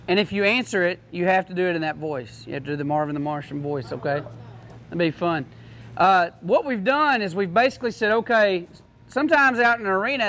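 Folksy man with a high voice. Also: a bit bright. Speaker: product demonstrator. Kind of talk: casual product demo to a class.

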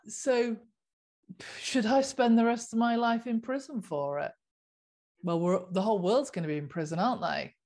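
A woman's voice: medium pitch, darkish tone. A woman vlogger giving an impassioned, casual monologue, earnest and repetitive, full of rhetorical questions.

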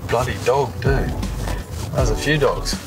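A man's voice: mid-range voice, measured pace. A man with an Australian accent hosting a fishing show, chatting casually, teasing and laughing a lot. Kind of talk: casual chat. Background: music.

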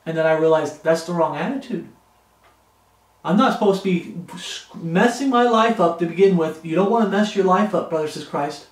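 A man preaching in an earnest, pleading manner, his voice sitting noticeably high for a man. The recording carries the echo of a roomy space around him. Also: normal speed. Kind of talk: sermon.

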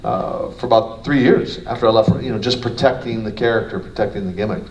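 A man's voice: on the low side, fairly quick, darkish tone. A man, a former wrestler, talking casually in an interview, rambling with many restarts. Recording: roomy, distant mic, faint noise.

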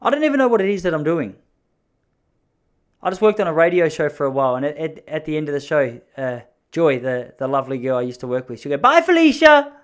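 A man's voice: a little high, animated, quick pace, smooth. A man hosting a solo podcast, rambling through jokey, self-mocking asides. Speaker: podcast host.

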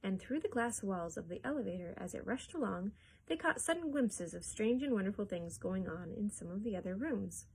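A woman librarian reading a chapter book aloud in a gentle, expressive storytelling way. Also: medium pitch, brisk, creaky, breathy edge, rough recording. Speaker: children's librarian.

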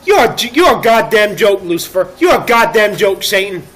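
A man ranting on a livestream in a profane, erratic, self-pitying way, breaking into shouts at times, recorded in a laundromat. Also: high-pitched, big pitch swings, normal speed.

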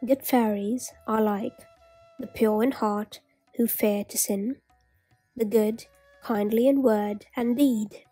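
Storybook eldest prince, young, wise and brave, calm and earnest, unhurried; a woman reads the part. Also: a little high, breathy edge, dry recording, soft background music.

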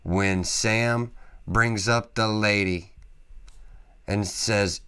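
Low, slow-talking excitable man. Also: clean tone. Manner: excitable, emphatic, peppered with "freaking" and "dude". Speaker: podcast host. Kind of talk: casual solo podcast monologue.

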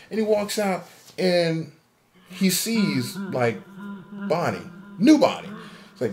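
A man's voice: high voice, very animated, slow, pauses often, a little mellow. A man casually retelling a game theory as a story, acting out a panicked character's inner voice. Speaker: podcast co-host. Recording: amateur podcast recording.

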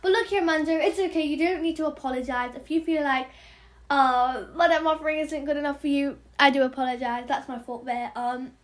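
Hyper high-voiced woman gaming vlogger. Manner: fast, hyper, excitable chatter with apologies. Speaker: gaming channel host. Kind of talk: game trading commentary vlog.

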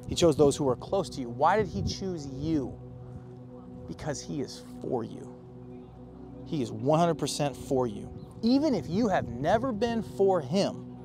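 A man preaching a sermon as pastor, animated and emphatic, swinging between loud bursts and quiet, earnest stretches. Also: mid-range voice.

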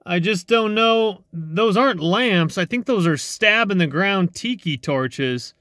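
A man vlogging outdoors while dumpster diving, chatty and excitable, thinking aloud to the camera. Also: high-pitched, slow pace, no echo, clean studio sound. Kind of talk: casual vlog narration while dumpster diving. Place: outdoors by apartment complex dumpsters.

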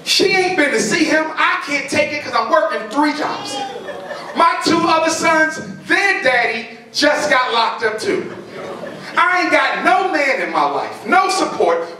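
A rambling, high-voiced mother begging for sympathy, put on by a man on stage. She pleads emotionally and swings all over in pitch. The sound is roomy and distant, with a crowd murmuring behind. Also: sharp tone, exaggerated voice. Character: struggling single mother pleading with a teacher. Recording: echoey hall heard from far off, audience.

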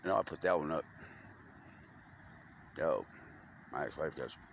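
A man's voice: rumbling low, lively intonation, unhurried, gravelly. A man rambling in a loose, slangy monologue, cursing freely as his thoughts wander. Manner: loose, slangy, stream-of-consciousness talk with cursing. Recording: loud street noise with passing vehicles.

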